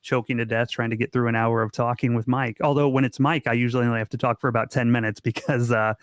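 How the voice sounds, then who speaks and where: A man co-hosting a podcast chat. He speaks in a steady, fluent way. The sound is dry and close. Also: medium pitch, quick pace, dry recording. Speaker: podcast host. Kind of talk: casual chat.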